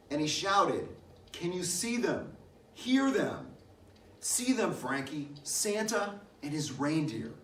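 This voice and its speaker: An older man reads a memoir aloud to a gathering, letting his pitch rise and fall freely as he tells it. His voice carries from a little way off the mic in an echoey church hall, with a faint hiss behind. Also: fairly bright tone, recorded from a distance. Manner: reflective, storytelling delivery. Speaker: reader at a church Christmas program. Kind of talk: reading a personal essay aloud. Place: church meeting house.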